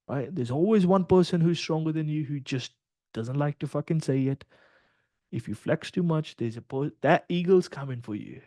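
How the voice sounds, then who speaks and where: A man's voice: mid-range voice, warm tone, dry recording. A man who mentors traders talks to his students over a video call. He rambles, swears often and drops slang as he tells a story. His voice sits mid-range, and the sound is dry and close. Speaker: trading mentor.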